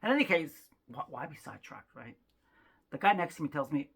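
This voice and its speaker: Woman stand-up comic, rambling story, husky and gravelly, bright tone, self-mocking asides. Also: deep voice, animated, brisk. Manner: chatty, self-mocking, frequent laughs and asides. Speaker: stand-up comedian.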